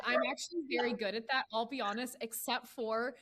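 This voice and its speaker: A woman's voice: fairly high pitch, fairly even intonation, fairly quick, very noisy. A woman hosting a podcast, talking in a blunt, sassy way and calling people girl and mama. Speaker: podcast host. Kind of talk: casual podcast interview.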